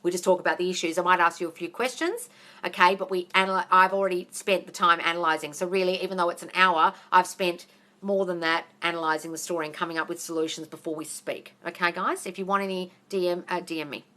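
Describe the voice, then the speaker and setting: A woman answering viewers' questions on a live phone stream, talking fast and bluntly, swearing and calling everyone darling. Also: fairly low pitch, fairly even intonation, sharp tone. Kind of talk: casual live Q&A.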